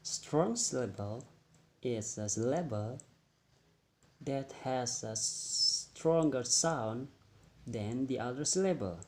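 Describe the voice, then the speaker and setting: A young man whose first language is Indonesian, giving a classroom-style explanation as a student presenter, halting and repeating words as he goes. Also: medium pitch, expressive, warm tone. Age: young adult.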